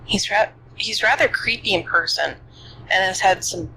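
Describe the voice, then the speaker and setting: A game streamer reading a visual novel's dialogue aloud in an animated way. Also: mid-range voice, normal speed, slight background noise, low-quality recording.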